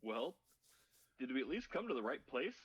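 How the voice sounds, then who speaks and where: A man's voice: medium pitch, big pitch swings, normal speed, breathy edge, muffled recording. A man playing in a tabletop game, making wry quips. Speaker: player. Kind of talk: casual game chat.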